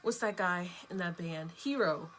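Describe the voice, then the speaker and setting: A woman with a somewhat low voice talks to her viewers in a loose, rambling vlog chat. She drifts from point to point and laughs easily between thoughts. A faint hum of room noise sits under her voice. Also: moderate pace, fairly bright tone. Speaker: vlogger host. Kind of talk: casual chat.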